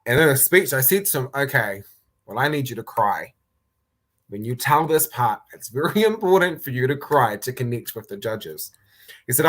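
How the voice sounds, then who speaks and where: A young man, a youth worker chatting on a video call, animated as he tells stories and acts out what others said. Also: mid-range voice, moderate pace. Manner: animated storyteller who acts out quotes. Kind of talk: casual chat. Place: indoors, a room.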